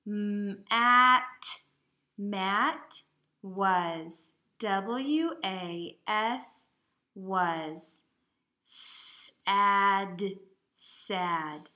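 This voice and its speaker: A woman's voice: mid-range voice, extremely slow, pushed and bright. A woman teaching young children, reading a simple story aloud and sounding out words letter by letter. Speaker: kindergarten teacher. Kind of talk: slow read-aloud lesson for young children.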